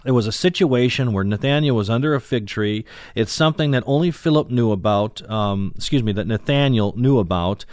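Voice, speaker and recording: A man teaching the Bible verse by verse, reading old-fashioned scripture aloud and explaining it with many pauses and fillers. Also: mid-range voice, animated, darkish tone, no echo, studio quality. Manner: reads King James verses aloud, then explains them with frequent "uh" fillers.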